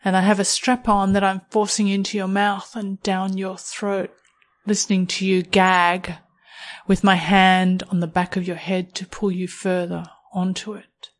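A woman narrates an erotic story addressed straight to the listener. She speaks slowly and deliberately, with a firm, commanding edge. Her voice sits at an ordinary middle pitch. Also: level tone. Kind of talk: second-person erotic narration.

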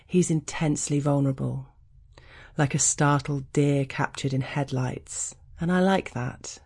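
A woman narrating an erotic audio story in a deliberate, teasing way, sometimes dropping to a whisper. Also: deep voice, steady tone, darkish tone, husky.

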